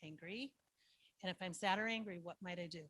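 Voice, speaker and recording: Woman, school social worker, husky, dry sound, teacherly presenter who keeps quizzing the room. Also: on the low side, a little fast, fairly bright tone, no echo. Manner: teacherly, quizzes the audience with frequent "right?". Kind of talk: presentation to foster parents. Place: online meeting.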